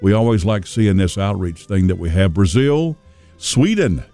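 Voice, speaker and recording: A man's voice: low voice, steady tone, a little fast, dark tone, soft background music. A man hosting a local Christian radio show, chatting in a folksy, rambling way. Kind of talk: casual local radio talk. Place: radio studio.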